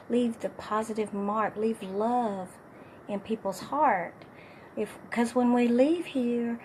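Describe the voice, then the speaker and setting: A middle-aged woman fitness coach with a hoarse, partly lost voice, giving an upbeat, encouraging motivational talk to her viewers. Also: medium pitch, darkish tone, slight background noise.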